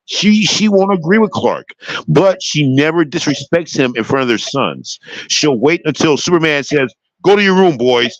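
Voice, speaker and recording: A man's voice: a little high, dry recording. Enthusiastic rambling man, dry lo-fi mic. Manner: enthusiastic, rambling, many restarts. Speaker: show host. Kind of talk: casual chat about a TV show.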